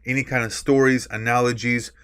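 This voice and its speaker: A man's voice: mid-range voice, flat delivery, brisk, fairly bright tone, smooth. A man teaching a recorded course lecture. He explains with examples, stresses key words on purpose and often adds a tag "right?". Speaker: course instructor.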